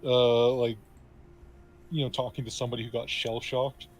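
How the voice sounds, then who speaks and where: Halting man at a game table. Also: medium pitch, little pitch movement, low-quality recording. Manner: halting, lots of fillers and restarts. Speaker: player. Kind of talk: casual tabletop game chat.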